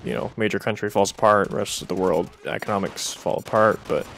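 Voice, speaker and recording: A man's voice: fairly low pitch, brisk, vocal fry, fairly bright tone, a little hiss or hum. A young man answering viewer questions in a casual, chatty way, with joking asides. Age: young adult. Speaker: gaming video creator.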